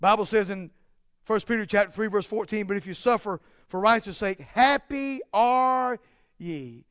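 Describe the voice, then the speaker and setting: A man preaching a sermon, building to loud, emphatic peaks and dropping to quiet, slow asides. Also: high-pitched, little pitch movement, smooth, dry recording, clean studio sound.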